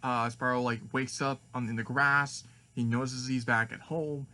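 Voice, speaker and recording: A man's voice: medium pitch, flat delivery, normal speed, sharp tone. A man rambling through a fan story idea with many restarts and fillers. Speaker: fan video maker.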